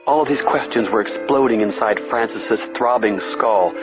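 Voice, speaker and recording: A man's voice: mid-range voice, normal speed. Male audiobook narrator, thriller, dull lo-fi sound, faint music bed.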